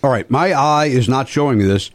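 A man hosting a casual podcast chat, animated and exclaiming, swearing in mock outrage. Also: mid-range voice, moderate pace. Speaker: podcast host.

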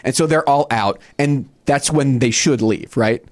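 A man's voice: medium pitch, measured pace, a little mellow, no echo, clean studio sound. A man in casual podcast chat, animatedly telling a funny story and briefly mimicking the people in it.

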